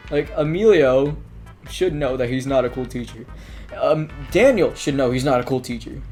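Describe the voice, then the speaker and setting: A man's voice: medium pitch, normal speed, a little mellow, soft background music. A man telling school stories in a casual, rambling monologue, full of filler words, restarts and offhand swearing.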